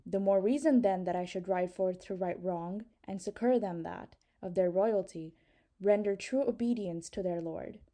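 A woman's voice: mid-range voice, moderate pace, warm tone, close to an everyday voice. A woman reading the part of a noble, grave male king who speaks in formal, archaic courtly language. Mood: stern. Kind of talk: audiobook reading.

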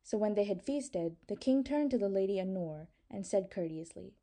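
A woman narrating an old legend in a measured, even storytelling manner. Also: mid-range voice. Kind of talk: audiobook reading.

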